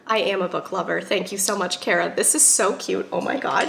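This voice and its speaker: Young woman, booktube host, excitable, gushing, casual chat, mid pitch. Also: brisk, vocal fry, hardly any pauses, a little hiss or hum. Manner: gushing, excitable, lots of gasps and exclamations.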